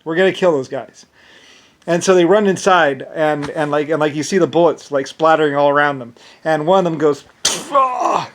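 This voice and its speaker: A man talking in a rambling, repetitive monologue, breaking into short laughs. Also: fairly high pitch. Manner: rambling and repetitive, stacking restarts.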